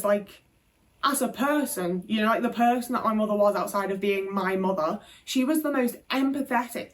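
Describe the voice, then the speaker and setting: A woman's voice: fairly high pitch, distant mic. Frank, foul-mouthed British woman, off-mic. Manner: frank, swears freely, heavy "like" fillers. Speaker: video creator. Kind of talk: candid personal storytelling to camera.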